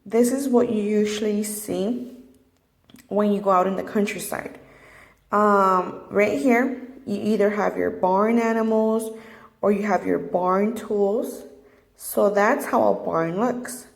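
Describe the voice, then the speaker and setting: A woman teaching a children's vocabulary lesson, repeating each word slowly and clearly. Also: medium pitch, fairly even intonation, echoey room. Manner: slow and clear, drilling words.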